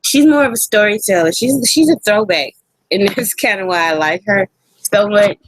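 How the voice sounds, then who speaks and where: A woman co-hosting a casual wrestling podcast, animated and profane, laughing often. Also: mid-range voice, normal speed, no room sound. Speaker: podcast co-host.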